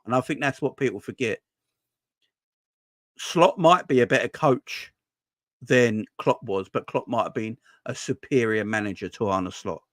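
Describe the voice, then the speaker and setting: A man's voice: medium pitch, measured pace, a bit bright, dry recording, clean studio sound. Chatty joking man on a livestream. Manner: chatty, joking, trails off and restarts. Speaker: fan channel host. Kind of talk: casual live stream chat.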